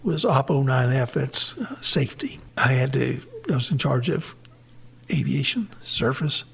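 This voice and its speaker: A man's voice: mid-range voice, animated, measured pace, vocal fry, a bit bright, slightly rough. An older man, a retired navy helicopter pilot, telling stories from his flying career in a plain-spoken way and acting out what people said to him. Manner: plain-spoken storyteller, acts out his own quotes. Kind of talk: recounting war stories in an interview.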